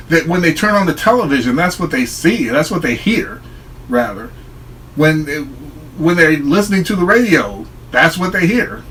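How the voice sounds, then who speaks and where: A man's voice: high-pitched, a bit bright, a little hiss or hum, poor audio. A man talking straight to his viewers in a solo vlog, explaining his view in an earnest, reflective way. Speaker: online commentator.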